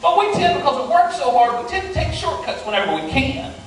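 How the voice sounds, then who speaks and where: Middle-aged Appalachian-accented male storyteller, playful and lively, distant mic in a roomy hall. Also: very high voice, fast, a little hiss or hum. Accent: West Virginian Appalachian. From West Virginia. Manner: folksy and playful, self-deprecating. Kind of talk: humorous live tall-tale storytelling. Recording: echoey hall, mic from far off.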